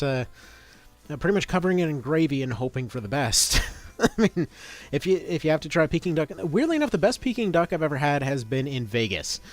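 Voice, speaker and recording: A man in his thirties chatting casually as he streams a game, rambling with lots of fillers and restarts. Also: a little high. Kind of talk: casual gameplay commentary.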